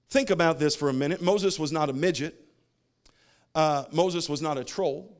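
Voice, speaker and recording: A man's voice: on the high side, fairly quick. A man in his thirties preaching a sermon as a pastor, telling funny family stories and laughing at his own jokes.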